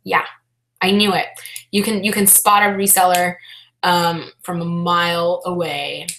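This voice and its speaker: A young woman chatting loudly and animatedly on a casual live stream, talking about her life as an online reseller. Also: on the low side, level tone, measured pace, slight background noise. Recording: echoey room.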